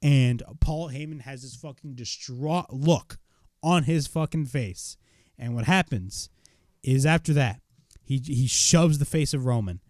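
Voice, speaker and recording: Dude hyped recapping wrestling, cussing a lot, mid voice, dry sound. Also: male voice, mid-range voice, unhurried, no room sound. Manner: excitable, swears freely, retells scenes. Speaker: wrestling show reviewer. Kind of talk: casual recap.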